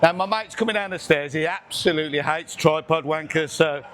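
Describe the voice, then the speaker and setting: A man's voice: fairly high pitch, a little fast, fairly bright tone. A man chatting casually while training in a busy gym, counting reps and getting out of breath between sets. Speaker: gym vlogger. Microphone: camera on tripod nearby.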